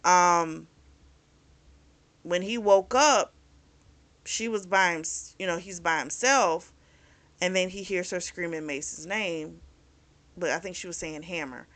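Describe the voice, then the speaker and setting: A woman's voice: lowish voice, takes it slowly, long pauses, a bit bright. A woman host recapping and reviewing a novel in a casual, candid, chatty way, with frank opinions. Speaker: book review channel host.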